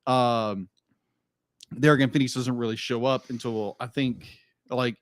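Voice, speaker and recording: A man's voice: medium pitch, fairly even intonation, measured pace, no room sound, studio quality. A man co-hosting a podcast in casual chat, laughing easily and restarting sentences as he goes. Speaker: podcast co-host.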